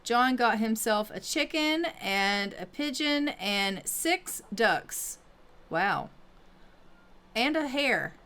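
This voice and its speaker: Unhurried woman chatting through a game. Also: fairly high pitch, expressive, bright, forceful tone, smooth. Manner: chatty, talks to her characters and voices their lines; frequent ums and drawn-out phrasing. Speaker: gameplay commentator. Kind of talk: casual game commentary.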